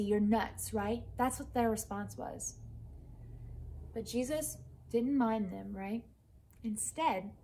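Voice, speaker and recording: A young woman teaching a children's church lesson, telling a Bible story in a lively way and often checking in with "right?". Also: on the high side, a little hiss or hum, low-quality recording.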